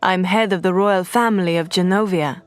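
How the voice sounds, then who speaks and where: A woman reading an audiobook voices a serious middle-aged father who is a prince, speaking in a measured, grave way. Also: on the low side, fairly even intonation, no room sound, soft background music, lightly acted.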